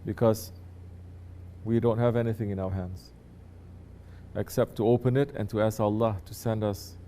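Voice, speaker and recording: A man's voice: fairly low pitch, steady tone, moderate pace, dark tone, slight background noise. A man, a sheikh, teaching his disciples in a conversational sermon, often turning to ask listeners if they understand.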